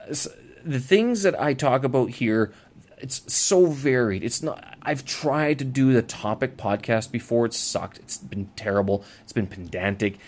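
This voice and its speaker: A man hosting a casual solo audio blog, talking off the cuff with lots of fillers and restarts. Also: medium pitch. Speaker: podcast host. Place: lives abroad as an expat.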